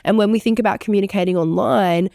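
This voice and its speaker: A woman's voice: medium pitch, fairly even intonation, fast, gravelly, a little mellow, dry recording, clean studio sound. A woman co-hosting an educators' podcast, leading the discussion and prompting her co-hosts in casual chat. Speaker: podcast co-host.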